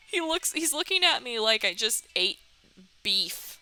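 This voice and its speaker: A young woman commentating on a dating game she is playing, giggly, sarcastic and expressive. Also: a little high, unhurried, poor audio. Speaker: let's-play host. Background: faint music.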